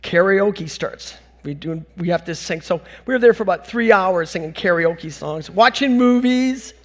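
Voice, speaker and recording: A middle-aged man from North America tells funny stories from a stage in a high, bright voice. He speaks with an animated, self-mocking bounce and laughs through his own punchlines. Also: normal speed. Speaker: conference speaker. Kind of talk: storytelling keynote talk. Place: conference hall stage.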